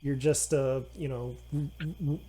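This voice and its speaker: A man narrating a tabletop game as game master, halting with many fillers and restarts. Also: mid-range voice, steady tone, warm tone.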